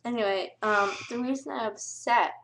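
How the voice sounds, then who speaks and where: A woman's voice: fairly high pitch, moderate pace, creaky, fairly bright tone, slight background noise. A teenage girl thanking her subscribers in a casual vlog, gushing, giggly and close to tears. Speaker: vlogger.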